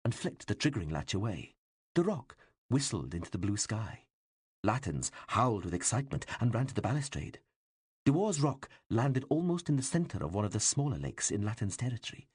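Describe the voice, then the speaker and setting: A man reading an audiobook with expressive, varied narration. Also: lowish voice, a little fast, slightly rough, dry recording, studio quality. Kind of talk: scripted narration.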